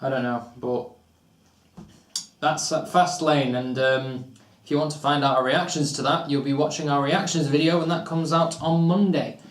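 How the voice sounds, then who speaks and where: A man's voice: on the high side, fairly even intonation, moderate pace, distant mic. Argumentative man in an echoey room. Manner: argumentative, builds points with repetition. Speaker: co-host of a wrestling predictions channel. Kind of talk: casual debate.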